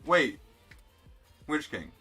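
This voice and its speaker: A man's voice: on the high side, big pitch swings, extremely slow, bright, forceful tone, slightly rough, soft background music. A young man live-streaming a racing game, chatting bluntly and sarcastically with viewers and swearing freely. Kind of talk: casual live-stream chat while gaming.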